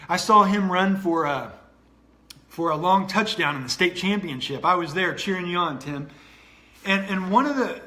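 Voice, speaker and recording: A man's voice: sits high, bright, forceful tone. A man coaching viewers in a motivational livestream, talking in an earnest, repetitive way and greeting people by name. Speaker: online coach.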